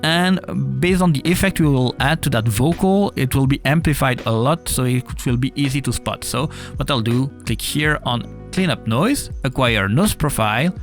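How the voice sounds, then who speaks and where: Tutorial host, man, non-native accent, relaxed and explanatory on a desktop mic, faint music under him. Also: medium pitch, moderate pace, hardly any pauses. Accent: non-native English accent. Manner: casual, explanatory, with filler uhs. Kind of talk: screen-recorded software tutorial. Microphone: desktop USB mic.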